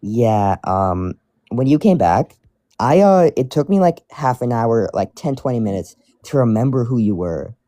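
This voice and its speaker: Rambling, lively-voiced man chatting. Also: medium pitch, unhurried, no echo. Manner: rambling, with many restarts. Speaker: streamer reading fan mail. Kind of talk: casual chat.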